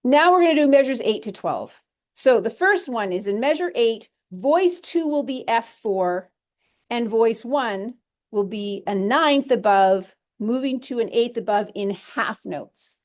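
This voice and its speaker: A woman's voice: on the high side, expressive, a little slow. Chatty woman teaching music theory. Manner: chatty, talks through steps as she clicks, self-correcting. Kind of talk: recorded screen-share lesson.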